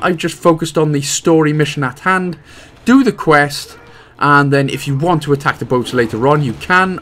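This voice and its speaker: A man's voice: fairly high pitch, fairly bright tone, slight background noise. A man with a Welsh accent giving a casual, jokey walkthrough of a video game as host of a guide channel. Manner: chatty, jokey, rambling asides.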